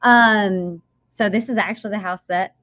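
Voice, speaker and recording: A woman guest on a podcast, telling her story in an animated way, full of laughter and quoted voices. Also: medium pitch, moderate pace, no echo. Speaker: guest, author. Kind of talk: podcast interview. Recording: dull, slightly lo-fi dry sound.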